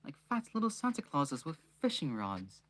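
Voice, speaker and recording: A man's voice: on the high side, huge pitch swings, normal speed, a bit bright, a little hiss or hum, pitched above the performer's own voice. A man voicing a blunt teenage boy from a storybook who explains things in a matter-of-fact way. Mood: offhand.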